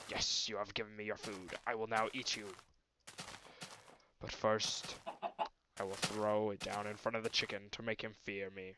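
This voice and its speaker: In a noisy amateur let's play recording, a young man with a lowish, gravelly voice and lively intonation talks at a moderate pace. He narrates his gameplay in a goofy, mock-grand tone, chatting to the trees and animals.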